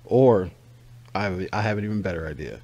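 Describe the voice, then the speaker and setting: A man's voice: deep voice, animated, fairly quick, a little mellow, dull audio. An American man hosting a casual comedy podcast, swearing freely and riffing like a pushy salesman. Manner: profane, riffing, mock-salesman energy. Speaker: podcast host.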